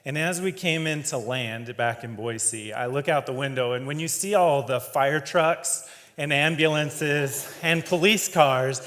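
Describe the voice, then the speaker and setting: A man with a fairly high voice tells a story to a live audience, light and conversational with a joking streak. His words ring out with a long hall reverb. He sounds like a speaker on stage at an event. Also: a bit bright. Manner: conversational and humorous, laughs often. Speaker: keynote speaker.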